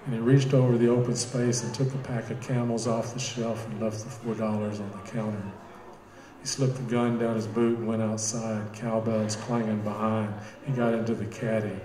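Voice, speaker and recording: A man reading his own novel aloud in steady, measured narration at a live bookstore cafe event. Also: on the low side, crowd noise. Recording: roomy cafe with live guitar.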